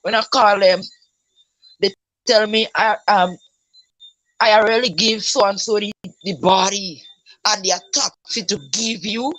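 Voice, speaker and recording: A woman's voice: mid-range voice, fairly even intonation, a little slow, pauses often, a bit bright, dry recording, low-quality recording. A woman telling her story as a grieving mother in an interview, talking in a repetitive, pleading way that breaks into tears and a raised voice. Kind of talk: emotional personal testimony.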